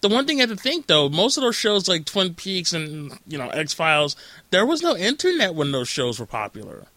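Bright-voiced upbeat male podcast host. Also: high-pitched, wildly swooping pitch, normal speed, no room sound. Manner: chatty, upbeat, self-mocking. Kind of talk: casual interview chat.

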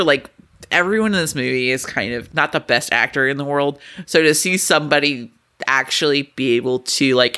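A man's voice: medium pitch, pushed and bright. A man co-hosting a podcast, recapping a movie in a wry, profane way and laughing mid-sentence. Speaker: podcast co-host. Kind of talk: casual movie review chat.

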